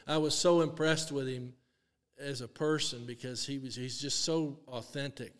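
A man's voice: mid-range voice, moderate pace. Older man telling a story, reverberant room. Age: 60s. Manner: animated storyteller, acts out quotes, laughs often. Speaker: guest, long drive champion. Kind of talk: casual storytelling.

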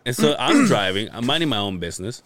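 A man's voice: mid-range voice, big pitch swings, fast talker, fairly bright tone. A man hosting a podcast, telling a long rambling story in casual chat, swearing freely and full of fillers. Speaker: podcast host.

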